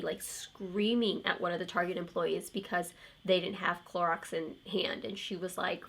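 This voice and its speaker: A woman in her thirties talks through her makeup routine at home in a loose, candid way. Her voice sits at an ordinary middle pitch. She wanders off into rambling side stories and lets the odd swear word slip. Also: a bit bright. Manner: chatty and candid, rambling asides, mild swearing. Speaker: beauty vlogger. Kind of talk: casual chat while doing a makeup tutorial.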